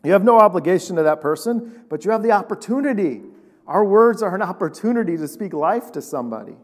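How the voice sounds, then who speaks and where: A man preaching a sermon as a pastor, talking in a casual, animated way and asking the congregation questions. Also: high-pitched, fast.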